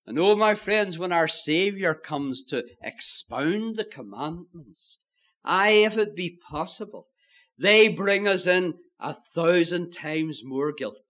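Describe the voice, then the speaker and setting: A man preaching a sermon, moving between loud stresses and hushed, solemn phrases. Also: high-pitched, animated, slow. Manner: old-fashioned preaching, swinging from loud emphasis to hushed.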